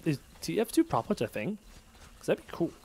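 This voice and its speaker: A man's voice: fairly high pitch, a little fast, gravelly, husky. A man livestreaming a game, casually chatting, joking and reading out viewer messages as he plays. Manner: animated, jokey, reads out chat messages. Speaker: gaming livestreamer. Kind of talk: casual livestream chat while playing.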